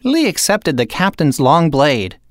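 A woman narrator reading a children's picture book aloud in an expressive, unhurried way. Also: deep voice, dry recording, studio quality. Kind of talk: storybook read-aloud.

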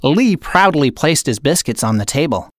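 A woman narrator reading a children's picture book aloud in an expressive, unhurried way. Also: low voice, no echo, clean studio sound. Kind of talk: storybook read-aloud.

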